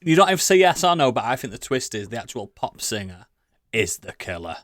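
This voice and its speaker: A man's voice: medium pitch, big pitch swings, brisk, no room sound, studio quality. A man co-hosting a podcast, teasing and joking in casual banter. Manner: jokey, teasing interjections, laughs a lot. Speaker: podcast co-host.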